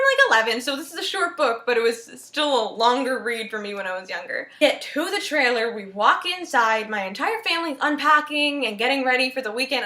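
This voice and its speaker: A young woman talking to camera as a book vlogger, telling a story in a chatty, animated way with many "like" fillers. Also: sits high, roomy sound.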